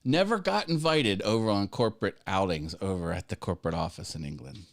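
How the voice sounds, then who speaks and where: A man with a lowish, gravelly voice and lively intonation hosts a casual YouTube live stream at a brisk pace. He rambles, keeps restarting his sentences, and chuckles at his own jokes.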